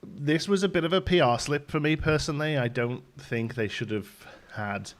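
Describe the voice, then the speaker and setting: A man's voice: a little high, normal speed. A man hosting a casual live stream, greeting viewers by name and rambling with ums while out of breath.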